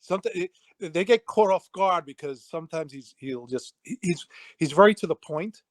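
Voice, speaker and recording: Lively storytelling man, a little high. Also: moderate pace, no room sound. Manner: storytelling, acts out quoted voices, laughs easily. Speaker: martial arts instructor, guest. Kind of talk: casual interview conversation.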